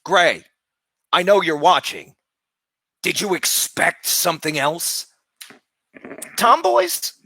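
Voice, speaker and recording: Male streamer, high bright voice, brash and foul-mouthed, dry close mic. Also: slow, pauses often, no echo. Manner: loud, profane, berating. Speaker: live streamer. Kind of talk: casual live stream chat.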